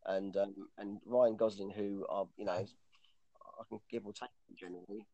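Man, low-pitched, casual rambling film chat, dry close sound; for a relaxed podcast co-host. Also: moderate pace, creaky, no echo, dull audio. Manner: rambling, chatty, frequent restarts and fillers. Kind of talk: casual chat about films.

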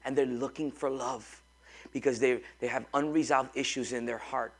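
A man's voice: mid-range voice, steady tone, moderate pace. A man preaching a sermon to a congregation in a church, emphatic and repetitive, calling on the crowd to respond. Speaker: pastor.

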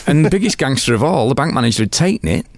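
A man's voice: medium pitch, lively intonation, racing, creaky, dry recording. An older man with a British accent, talking as an interview guest. He tells stories animatedly, swears freely and acts out other people's lines. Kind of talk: casual interview storytelling.

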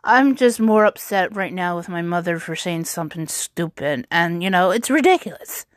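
A woman's voice: fairly low pitch, lively intonation, moderate pace, no echo. A young woman telling an upsetting personal story on her vlog, rambling with many restarts and fillers. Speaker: YouTuber.

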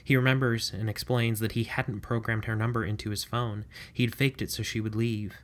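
Low, flat-voiced male storyteller. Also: moderate pace. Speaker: narrator. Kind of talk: storytelling narration.

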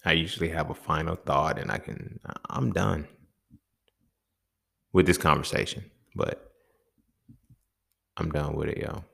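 Gravelly low-voiced man ranting. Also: fairly even intonation, a little slow, pauses often, a bit bright. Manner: heated, profane, exasperated ranting. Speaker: podcast host. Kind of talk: casual solo podcast monologue.

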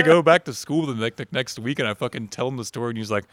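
A man's voice: mid-range voice, fast talker, a bit bright, dry recording. A man co-hosting a casual podcast, telling a rambling, profane story. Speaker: podcast co-host.

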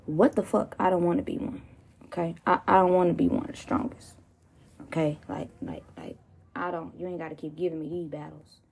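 A woman's voice: fairly low pitch, fairly even intonation, brisk, creaky, darkish tone, husky. A woman hosting her own podcast, ranting casually and profanely with laughing asides, recovering from pneumonia. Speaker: podcast host. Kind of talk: casual solo rant.

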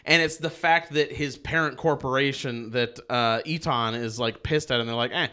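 A man's voice: mid-range voice, moderate pace, pushed and bright, smooth. A young man co-hosting a casual movie review podcast, acting out scenes in silly voices. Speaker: podcast co-host.

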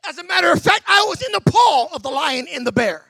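Man playing young david all fired up, bold shepherd boy yelling about the giant, high bright voice with some gravel. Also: fast, no echo, exaggerated voice. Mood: boastful. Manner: excited, emphatic, stumbling repeats.

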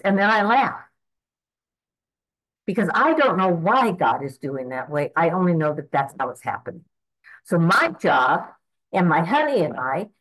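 In a rough recording, a reflective woman in her eighties with a lowish voice earnestly speaks a prayer aloud to God, then reflects on what she's said.

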